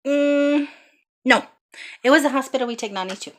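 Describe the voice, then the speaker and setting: A woman telling a heartfelt story about her son's birth in a casual vlog, with many pauses and ums. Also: sits high. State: out of breath. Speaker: vlogger, mother.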